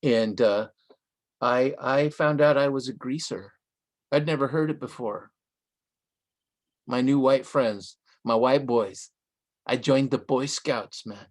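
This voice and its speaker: A man's voice: mid-range voice, takes it slowly, pauses often. Older man telling stories with bits of Spanish. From Southern California. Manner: relaxed storytelling that drops Spanish phrases into English. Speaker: guest author. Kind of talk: conversational storytelling in a live online interview.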